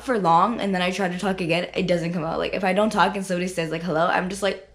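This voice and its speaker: A hoarse young woman from Canada, chatting casually to camera as a vlogger, rambling with lots of fillers. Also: on the low side, steady tone, fast. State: hoarse, losing her voice. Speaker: vlogger and karate competitor. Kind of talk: casual vlog chat to camera. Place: hotel room.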